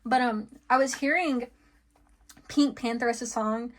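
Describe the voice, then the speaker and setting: A woman's voice: a little high, fairly even intonation, normal speed, a bit bright. A woman giving a casual tarot reading, chatty and giggly, full of fillers and friendly asides. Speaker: tarot card reader.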